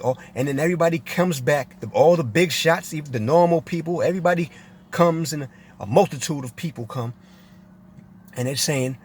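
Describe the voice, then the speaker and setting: A man's voice: mid-range voice, slight background noise. A man speaking in a casual monologue, preachy and emphatic, repeating phrases as he goes on. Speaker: video commentator.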